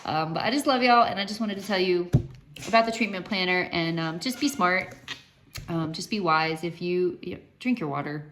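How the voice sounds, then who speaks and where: Against a noisy background, a woman with a fairly low voice talks at normal speed to her viewers. The West Virginia vlogger shares cancer treatment updates through lively stories, peppered with fillers and restarts.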